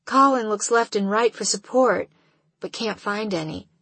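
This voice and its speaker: A woman reading a first-person audiobook in a measured storytelling way. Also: mid-range voice, sharp tone, slightly rough, no echo. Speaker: audiobook narrator.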